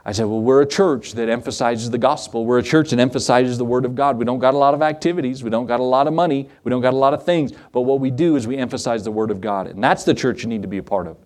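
A man's voice: mid-range voice, quick pace, few pauses, a little mellow. A man pastor preaching a sermon in an earnest, folksy way, chuckling often and driving points home with repetition. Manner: emphatic repetition, rising preacher cadence.

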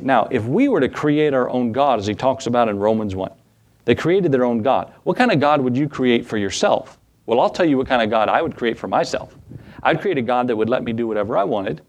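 A man's voice: medium pitch, darkish tone. A middle-aged man, a pastor, teaching a sermon in a conversational way, asking the congregation for responses and acting out small skits in quoted voices.

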